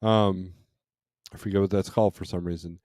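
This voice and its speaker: A man's voice: sits low, fairly even intonation, fairly quick, a little mellow, dry recording, clean studio sound. A middle-aged man hosting a trucking live stream, reading and answering chat in a casual, rambling way with many restarts and fillers.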